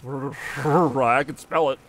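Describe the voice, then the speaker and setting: A man's voice: mid-range voice, fairly even intonation, takes it slowly, fairly bright tone. Joking male game streamer chatting. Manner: rambling and jokey, answering chat between plays. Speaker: live streamer playing a car soccer game. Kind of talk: casual live-stream chat with viewers.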